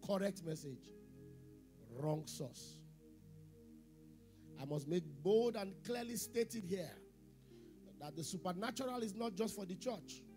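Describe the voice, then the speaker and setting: A middle-aged pastor with a high voice preaches a sermon, throwing questions to the congregation and repeating key phrases. He swings from loud emphatic lines to quiet asides, with faint music under him. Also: expressive, unhurried, long pauses.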